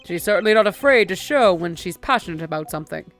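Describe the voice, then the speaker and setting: Woman voicing a calm, formal male defense attorney; courteous, measured read. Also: lowish voice, soft background music, natural voice.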